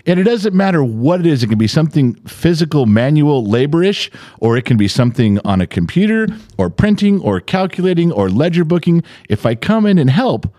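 A man's voice: a little high, fairly quick, hardly any pauses, dry recording. Middle-aged guy bickering with his wife on a podcast, swings his voice all over, kinda exasperated, dry close sound. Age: 40s to 50s. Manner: exasperated, animated, swears. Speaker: podcast co-host. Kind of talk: bickering casual chat.

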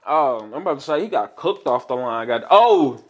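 A man's voice: medium pitch, expressive, moderate pace. A young man cutting in with blunt remarks while chatting about football with friends. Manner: blunt, interjecting, slangy. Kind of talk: casual sports chat.

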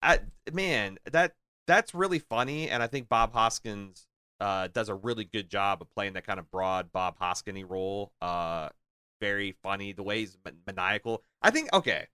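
A man talks film on a podcast, eager and rambling, restarting his sentences as ideas pile up. His voice sits a little low but rings bright and crisp. The sound is dry and close to the mic. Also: expressive, moderate pace, no echo. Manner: enthusiastic, rambling with many fillers and restarts. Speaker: podcast co-host discussing a film. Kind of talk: casual chat.

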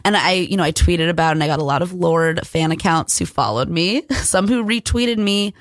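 A woman's voice: lowish voice, animated, fairly quick, no echo, clean studio sound. A young woman chatting casually as a guest, with lots of fillers and frequent laughter. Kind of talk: casual chat.

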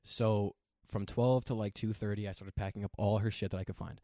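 Fast-talking young man, profane storyteller. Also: lowish voice, no room sound, studio quality. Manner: profane, animated storytelling with quoted dialogue. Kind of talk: casual chat.

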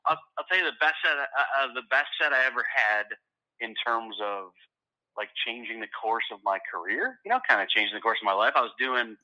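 Animated comedian telling a story. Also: male voice, fairly low pitch, rough recording. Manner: animated, loose, repeats words when excited. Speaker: stand-up comedian and writer. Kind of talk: storytelling in casual conversation.

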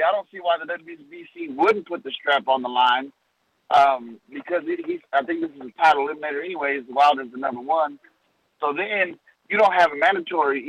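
A man's voice: on the high side, fairly bright tone, no room sound, highs cut off. A man calling in to a boxing show, rambling through his analysis and stopping to correct himself. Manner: rambling, self-interrupting analysis. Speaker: caller. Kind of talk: call-in phone talk.

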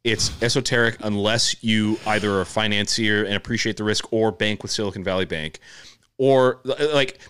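A man in his thirties co-hosting a podcast, speaking in a measured way, restarting sentences as he clarifies his points. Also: on the low side, fairly even intonation, a bit bright, clean tone. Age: 30s. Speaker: podcast co-host. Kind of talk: casual chat.

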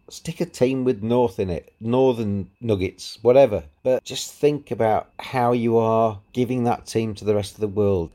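A man hosts his podcast solo, his voice low and mellow. He speaks with firm opinions and lets the rant run. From Yorkshire, England. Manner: opinionated, ranting. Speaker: podcast host. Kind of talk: solo podcast wrap-up monologue.

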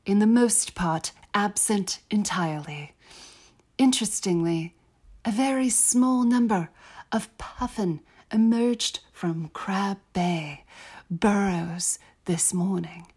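A woman reading aloud in a put-on, prim old-fashioned British voice, hushed and half-whispered. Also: mid-range voice, slightly rough. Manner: slow, measured reading.

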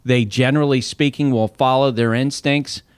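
Smooth-voiced man chatting about baseball. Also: mid-range voice, steady tone, moderate pace, no echo. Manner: conversational, storytelling with restarts and laughs. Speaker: baseball analyst. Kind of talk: casual podcast chat.

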